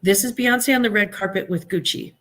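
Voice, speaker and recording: A woman's voice: mid-range voice, a little fast, fairly bright tone. A woman hosting a live stream, giving blunt, sarcastic opinions in casual chat, with many fillers and restarts.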